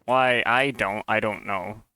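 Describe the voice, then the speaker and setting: Bright-voiced man thinking aloud on stream. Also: on the low side, steady tone, takes it slowly, clean tone, no room sound. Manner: thinks aloud, musing and unsure as he debugs. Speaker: mod developer and streamer. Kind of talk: casual live-stream commentary while testing a game mod.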